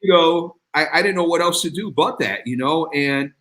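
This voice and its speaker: Male guest retelling a story; lively, acts out both sides, pitched a touch high. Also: normal speed. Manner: acts out dialogue, voice jumping high. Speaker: guest telling his story. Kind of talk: animated storytelling.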